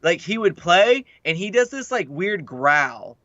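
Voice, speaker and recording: A man's voice: sits high, measured pace, no room sound. A young man co-hosting a casual podcast, telling stories eagerly with many "like" fillers. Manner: animated storyteller, heavy "like" fillers. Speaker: podcast co-host. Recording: dry, dull lo-fi mic.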